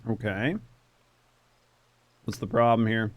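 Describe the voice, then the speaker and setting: A man's voice: on the low side, level tone, takes it slowly, no room sound, muffled recording. Joking male game streamer. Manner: loose and joking, swears, reads game text aloud. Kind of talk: casual let's-play commentary.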